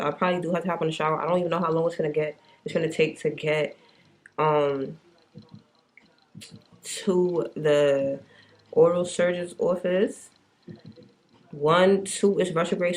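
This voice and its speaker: A woman's voice: lowish voice, a little mellow. A young woman, vlogging and ranting bluntly to the camera with plenty of swearing. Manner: exasperated, blunt, swears a lot. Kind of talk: casual vlog rant.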